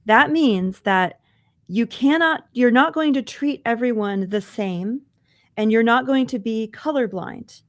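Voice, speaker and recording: A woman's voice: a little high, a little slow. A woman co-hosting a podcast, earnestly recounting a news story in conversational commentary. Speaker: podcast co-host.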